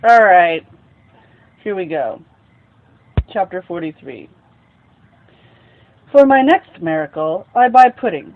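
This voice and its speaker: A man hosting a story time show, reading a novel aloud in a casual, unhurried way with lively bursts. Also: high voice. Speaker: storyteller host. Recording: tinny phone-like sound.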